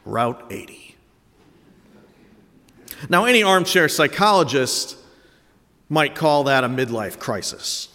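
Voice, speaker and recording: A man in his late thirties from Connecticut preaching an Easter sermon, telling a story with reflective warmth and dry self-mocking humor. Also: medium pitch, sing-song, slow pace, pauses often, long reverb tail. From Connecticut, USA. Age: late 30s. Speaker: pastor.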